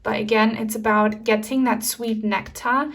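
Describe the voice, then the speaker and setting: A woman's voice: a little high, steady tone, moderate pace. A young woman from Germany giving an enthusiastic, chatty tarot card reading to her viewers. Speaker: tarot reader.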